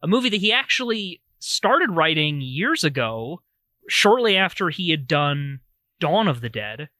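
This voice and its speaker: A man co-hosts a casual film podcast, talking in a rambling way full of restarts. His voice sits fairly high and sounds bright and keen, and it is recorded dry and close. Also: big pitch swings, a little slow, dry recording. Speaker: podcast co-host. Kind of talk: casual film review chat.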